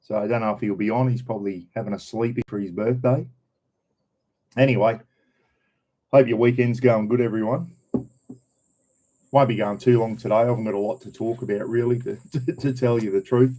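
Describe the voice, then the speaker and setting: A man's voice: mid-range voice, fairly even intonation, a little fast, long pauses, mellow. A man with a North Queensland Australian accent, chatting casually and rambling to viewers on a live stream from home, full of broad slang. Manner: laid-back, rambling, broad colloquial slang. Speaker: vlogger. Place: home, indoors.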